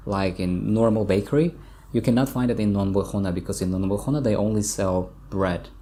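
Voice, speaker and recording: A young man with a Tajik accent teaching vocabulary, repeating each word slowly and patiently. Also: fairly low pitch, mellow. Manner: slow, patient repetition of words. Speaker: language teacher. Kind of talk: vocabulary lesson.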